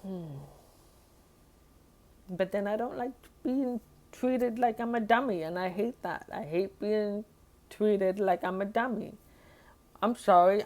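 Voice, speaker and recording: A woman's voice: mid-range voice, a little mellow. Upset woman venting on her daily vlog, rambly, sighing, overwhelmed. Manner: rambling, emotional, with sighs and laughs. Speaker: vlogger. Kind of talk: personal diary vlog.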